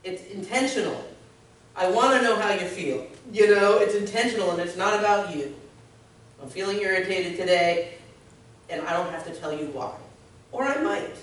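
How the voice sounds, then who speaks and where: A woman's voice: mid-range voice, normal speed. A woman working in social services, leading an earnest workplace discussion. She keeps checking in with her listeners with "right?". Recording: echoey room, distant mic, faint noise.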